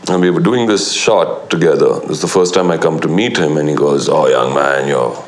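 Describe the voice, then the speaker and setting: A man's voice: very deep voice, fairly quick. A middle-aged man, a film actor in a documentary interview, telling anecdotes and acting out what others said. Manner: animated storyteller who acts out quoted lines.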